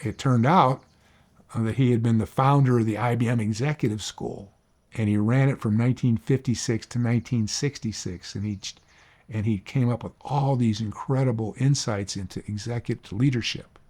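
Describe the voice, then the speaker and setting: A man in mid-range pitch tells a personal story in an animated, emphatic way. His voice climbs and swells when he presses a point, then settles back into a relaxed, conversational telling. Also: moderate pace. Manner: animated storyteller, rises high when preaching. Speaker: speaker on mentorship. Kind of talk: storytelling talk.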